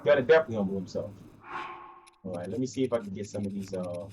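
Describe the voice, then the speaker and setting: A man's voice: on the low side, very fast, a little mellow. A man live-streaming, talking bluntly in a casual rant while playing a game, repeating himself, swearing and saying "bro" a lot. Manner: blunt, repetitive, says "bro" often, swears.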